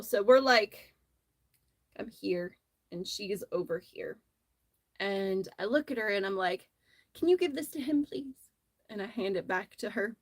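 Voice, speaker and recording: Woman host, chatty crochet livestreamer, mid-pitched, close dry phone mic; easygoing rambling storyteller. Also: fairly bright tone, no room sound. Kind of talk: casual chat while crocheting.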